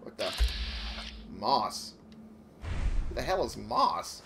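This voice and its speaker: Brief: male gameplay commentator, lively pitch, self-deprecating and swearing, steady noise behind. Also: takes it slowly, vocal fry.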